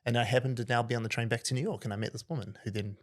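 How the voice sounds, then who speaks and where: A man's voice: medium pitch, racing. A man hosting a podcast, telling stories casually with a lot of energy and frequent "like"s. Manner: energetic, says "like" constantly. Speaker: podcast host. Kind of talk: casual conversational storytelling.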